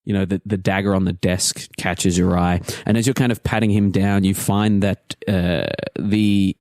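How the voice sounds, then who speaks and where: A man narrating a tabletop game as game master, relaxed and descriptive. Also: deep voice, moderate pace, no room sound.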